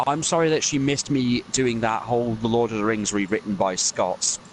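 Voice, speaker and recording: A British gaming streamer in casual, rambling chat with crude jokes. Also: male voice, mid-range voice, fairly even intonation, moderate pace, a little hiss or hum, poor audio.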